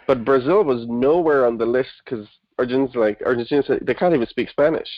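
A man's voice: mid-range voice, a little fast, no echo, muffled recording. A man in his thirties from Germany, a guest chatting casually and laughing easily in an interview.

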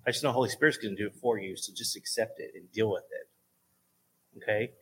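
A man's voice: lowish voice, a little fast, a bit bright, a little hiss or hum, poor audio. A man leading a faith group, talking directly and coaxingly, often checking in with "okay?". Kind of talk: informal exhortation.

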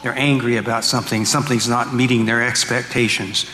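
A male pastor preaches a homily in a storytelling manner, voicing the figures as he goes. His mid-pitched voice rings out in a large church with long reverb. Faint ambience sits behind him. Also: level tone, fairly quick, sharp tone, slight background noise. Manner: storytelling, acts out quotes. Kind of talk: sermon.

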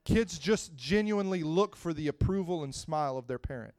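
A man preaching a sermon, moving from quiet, close talk to loud, rising preaching and calling out to the congregation. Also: fairly high pitch, lively intonation, brisk, no room sound. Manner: calls out to the congregation.

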